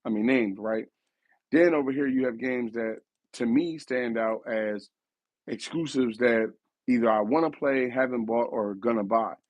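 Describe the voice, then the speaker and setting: A man's voice: mid-range voice, a little slow, dry recording, muffled recording. A man hosting a casual gaming talk show, rambling and correcting himself as he thinks aloud, his voice worn from a recent cough. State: getting over a cough, losing his voice. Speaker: show host.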